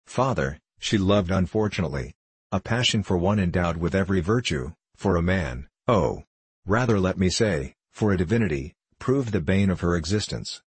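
A man's voice: low voice, lively intonation, moderate pace, slightly rough, no echo, exaggerated voice. A man reading the part of an anguished young novice monk, in an impassioned, faltering, pleading voice.

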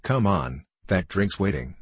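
A man doing a bluff, booming businessman. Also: big pitch swings, unhurried, dry recording, heavily acted. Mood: bluff hearty. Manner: hearty, gruff and booming. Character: burly, arrogant, bluff middle-aged businessman.

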